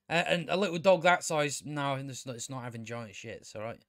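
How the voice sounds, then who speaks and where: A man's voice: medium pitch, lively intonation, a little fast, a bit bright, no room sound, clean studio sound. A man giving a casual, sarcastic and exasperated spoken review of a TV show, swearing often.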